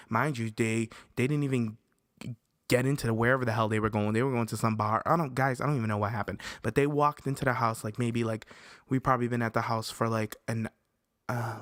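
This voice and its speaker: A young man hosting a podcast, telling a long story in casual chat, animated and full of swearing, his voice jumping high when he quotes himself yelling. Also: no echo, studio quality. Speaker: podcast host.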